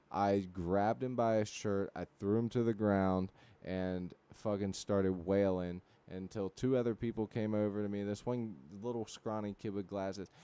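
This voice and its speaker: A young man hosting a livestream, telling rambling, profane stories full of fillers and reacting to chat with loud disbelief. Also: lowish voice, smooth. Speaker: livestream host. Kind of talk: casual chat.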